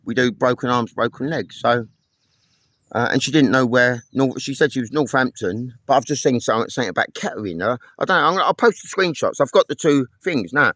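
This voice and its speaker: A man's voice: medium pitch, lively intonation, fairly quick, a bit bright, no room sound. A man ranting angrily to camera, swearing often and repeating himself as he recounts phone calls. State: homeless. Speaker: vlogger. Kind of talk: angry personal rant to camera.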